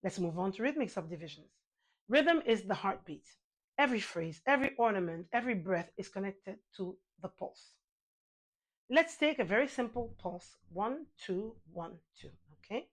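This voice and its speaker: A woman teaching a singing lesson, calmly guiding the listener through exercises, counting aloud and demonstrating sounds. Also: mid-range voice, normal speed. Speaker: vocal coach.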